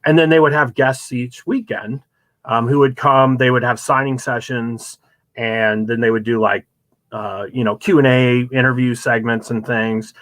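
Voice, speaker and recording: Man, guest, casual storytelling, rambling with fillers, mid pitch, dry sound. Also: fairly even intonation, normal speed, a bit bright, no echo. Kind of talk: casual chat, anecdotes.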